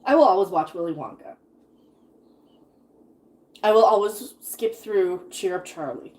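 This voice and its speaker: A woman's voice: fairly low pitch, animated, unhurried, a little mellow. A woman in her thirties chatting casually while cooking on a live stream, rambling and laughing often as she reads chat.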